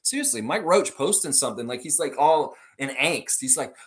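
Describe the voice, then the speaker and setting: A man hosts a live fan stream and chats loosely through viewer comments. His voice is middle-pitched, but he swings it way up when he mocks people. He talks in an animated, loose way and swears a lot. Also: moderate pace. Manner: animated, swings high when mocking others, swears freely.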